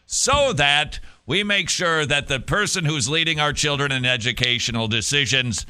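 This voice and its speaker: A male talk radio host with a strikingly bright, forward voice. He reads out news stories and cuts in with sarcastic, animated remarks. His delivery keeps a lively, mocking edge throughout. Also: fairly high pitch, clear, resonant tone. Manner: sarcastic, animated, quick to laugh.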